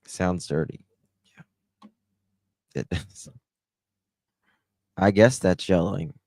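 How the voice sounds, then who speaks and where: A man's voice: sits low, extremely slow, warm tone, dry recording. A tired man, chatting casually with his livestream viewers and greeting them by name. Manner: chatty, drawling, talks to chat by name. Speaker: livestream host. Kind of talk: casual livestream chat reading comments.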